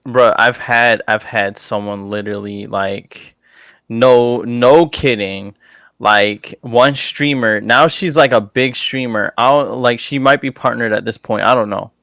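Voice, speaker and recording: A man, a podcast guest who streams, talking in a casual chat, animated and swearing as he jumps from topic to topic. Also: mid-range voice, a little slow, no echo, clean studio sound.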